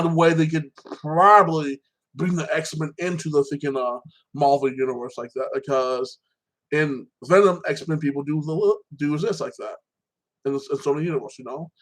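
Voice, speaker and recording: A vlogger with a slightly high voice recaps a movie on his own, rambling casually, swearing freely, and filling his talk with fillers and restarts. The recording quality is low.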